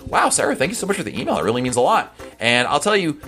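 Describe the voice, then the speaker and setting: A man's voice: fairly high pitch, very animated, racing, sharp tone, soft background music. A man hosting a podcast in a casual, chatty, rambling way as he answers listener emails. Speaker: podcast host.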